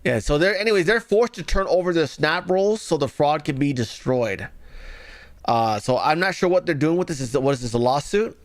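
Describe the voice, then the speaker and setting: A man's voice: a little high, expressive, moderate pace. A man hosting a livestream, giving casual, sarcastic political commentary and mocking the stories he reads. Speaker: livestream news commentary host.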